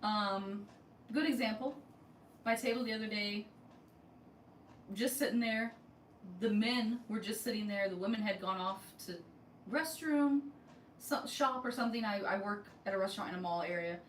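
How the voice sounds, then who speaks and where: A woman's voice: medium pitch, normal speed, pauses often. A woman co-hosting a casual podcast chat, telling stories and acting out the dialogue. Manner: chatty storyteller acting out quoted dialogue. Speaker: co-host of a theme park vlog channel. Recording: echoey room, mic far off, faint noise.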